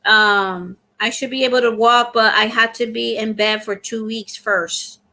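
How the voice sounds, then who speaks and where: Chatty bright-voiced woman on a livestream. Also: fairly high pitch, fairly even intonation, unhurried. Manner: chatty, reads viewer comments aloud. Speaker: livestream host. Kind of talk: casual live chat.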